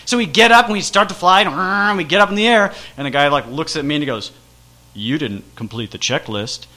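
A man casually telling a rambling, self-deprecating personal story with animated energy. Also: high voice, fast.

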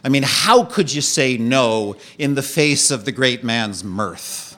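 Wry male storyteller. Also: slow. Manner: wry, animated delivery that drops low and quiet for dark moments. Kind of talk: personal storytelling monologue.

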